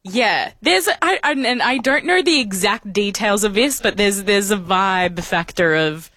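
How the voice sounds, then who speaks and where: A woman's voice: medium pitch, lively intonation, a little slow, sharp tone, slight background noise. A woman on a breakfast radio show, recounting a story hesitantly and with giggles. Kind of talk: casual radio chat.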